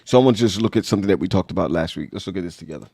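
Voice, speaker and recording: A man's voice: low voice, lively intonation, very fast, vocal fry, darkish tone, no echo. A man hosting a casual livestream chat, talking loosely and repeating himself. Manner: loose, repetitive, chatty. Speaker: host.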